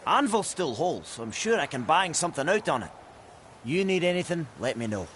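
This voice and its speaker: An actor playing an aggrieved middle-aged village blacksmith in a video game, speaking in a blunt, grudging way. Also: male voice, on the high side, big pitch swings, brisk, fairly bright tone, a little hiss or hum.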